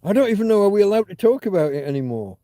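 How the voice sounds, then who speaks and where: Rambling man, mellow and dry. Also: high voice, very animated, rapid-fire, dry recording. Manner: meandering storytelling with frequent restarts and fillers; candid, swears casually. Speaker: livestream host. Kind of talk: rambling casual chat.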